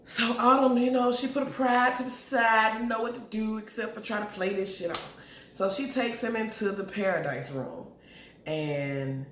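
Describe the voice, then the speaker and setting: A woman tells a TV episode back in casual slang, slipping into each character's lines as she goes. Her voice sits in the middle range for a woman. The room is echoey, with faint noise underneath. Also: mid-range voice. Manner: animated storytelling, acts out characters' lines with slang. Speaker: TV show recap vlogger.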